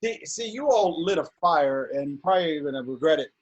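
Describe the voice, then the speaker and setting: A middle-aged man, a filmmaker guest on an interview show, telling animated, indignant stories in casual talk. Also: a little high, a little fast, muffled recording. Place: home on a video call.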